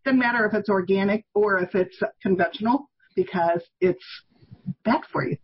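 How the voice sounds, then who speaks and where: A woman's voice: mid-range voice, moderate pace, dull audio, slight background noise. A woman in her sixties, a guest on an interview podcast, explaining health views in an emphatic, opinionated way. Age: 60s. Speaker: guest, toxin elimination author.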